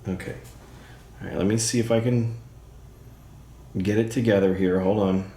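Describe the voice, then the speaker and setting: A man's voice: lowish voice, fairly even intonation, normal speed, dark tone. Eager male psychic medium, echoey room. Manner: eager, thinks aloud, many fillers. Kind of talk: spirit session, talking to a spirit.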